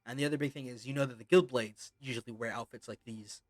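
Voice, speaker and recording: A man's voice: medium pitch, fairly even intonation, quick pace, no room sound. A man running a tabletop game as game master, describing scenes in a loose, meandering way.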